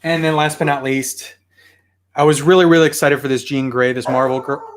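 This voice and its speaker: A man casually showing off his new toy haul at home, chatty and excitable. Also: medium pitch, a little fast, slight background noise. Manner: chatty, excitable, yells at his barking dog. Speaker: toy collector vlogger.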